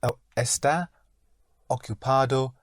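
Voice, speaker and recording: A man's voice: medium pitch, takes it slowly, no echo. A man answering as a student in a language lesson, hesitant and correcting himself.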